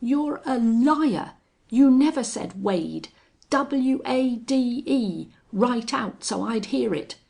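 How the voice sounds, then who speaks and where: A woman's voice: medium pitch, measured pace, vocal fry. A woman voicing a spoiled, contemptuous young rich rancher's son in an audiobook reading, harsh and sneering.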